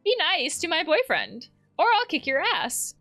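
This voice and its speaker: A woman's voice: high-pitched, wildly swooping pitch, measured pace, pushed and bright, soft background music. A woman therapist playing a video game, casually reading text messages aloud with playful, laughing asides. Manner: playful, laughs and swears between read-out lines.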